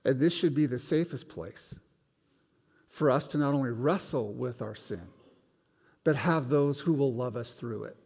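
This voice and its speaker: Animated male preacher in a reverberant hall. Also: medium pitch, unhurried, vocal fry, husky. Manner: animated storyteller, acts out voices. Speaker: pastor. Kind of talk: sermon with personal story. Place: church sanctuary.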